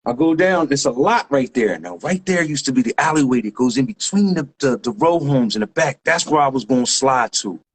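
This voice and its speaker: A man, a graffiti writer guest telling a story in lively street slang with sound effects. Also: mid-range voice, brisk, few pauses, breathy edge. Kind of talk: animated storytelling.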